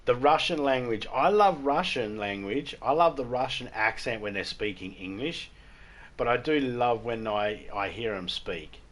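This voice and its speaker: A man's voice: mid-range voice, lively intonation, moderate pace, fairly bright tone. An Australian man chatting casually and rambling through jokes while streaming a game. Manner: rambling, joking, irreverent. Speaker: gaming livestreamer. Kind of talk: casual chat while gaming.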